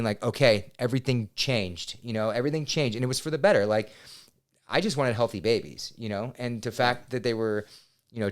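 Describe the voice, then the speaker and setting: Man, thirties, podcast guest; smooth clear voice, animated storyteller. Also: fairly low pitch. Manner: animated, swears, quotes himself loudly. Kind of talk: casual storytelling. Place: podcast studio.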